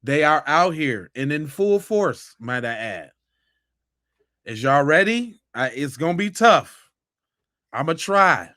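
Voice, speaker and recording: A man hosting a podcast, talking in an animated, sarcastic way and repeating himself for emphasis. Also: fairly high pitch, slow pace, pauses often. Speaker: podcast host. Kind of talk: casual podcast commentary.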